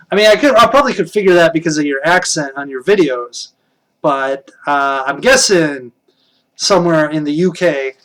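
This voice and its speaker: A man's voice: fairly high pitch, a bit bright. A middle-aged man hosting a live stream, rambling casually and chuckling while answering viewer comments. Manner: rambling, chuckles often, talks to chat.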